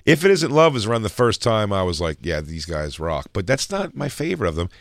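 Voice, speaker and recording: A man's voice: medium pitch, very animated, fast, gravelly, no echo, studio quality. A man co-hosting a podcast, rambling and joking profanely in casual banter. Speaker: podcast co-host.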